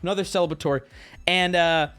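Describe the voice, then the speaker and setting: A man's voice: high voice, fast, clean tone, soft background music. A man in his thirties, a streamer casually telling a story to his live chat, swearing and joking as he goes. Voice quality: animated, swearing, jokey.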